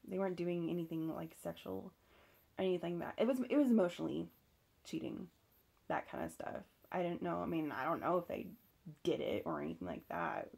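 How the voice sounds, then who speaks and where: A woman's voice: fairly low pitch, brisk, gravelly, a little mellow, husky. A young woman candidly telling a personal story, swearing freely and using lots of fillers. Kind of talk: casual storytelling.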